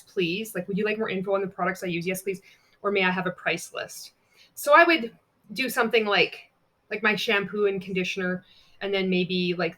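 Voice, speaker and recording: A woman's voice: lowish voice, fairly bright tone. A young adult woman vlogging in casual chat, candid and blunt, swearing freely and laughing at herself. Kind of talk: casual chat walking through examples.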